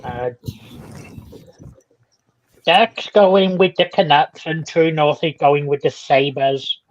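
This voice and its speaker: A man's voice: fairly high pitch, takes it slowly, highs cut off, slight background noise. A man co-hosting a casual sports betting podcast, offhand and laid-back. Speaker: podcast co-host.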